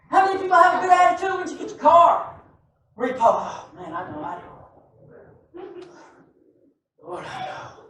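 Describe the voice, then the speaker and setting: A male preacher delivering a lively sermon, joking with and calling out to his congregation. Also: very high voice, a little slow, pauses often, slight background noise. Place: church sanctuary. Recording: very echoey church hall, mic far off.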